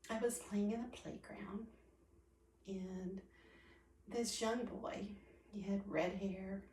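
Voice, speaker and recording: A woman telling a personal story, soft-spoken and often sinking to a near whisper. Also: medium pitch, steady tone, slow pace, slight background noise. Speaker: storyteller sharing personal memories. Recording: roomy, distant mic, faint background ambience.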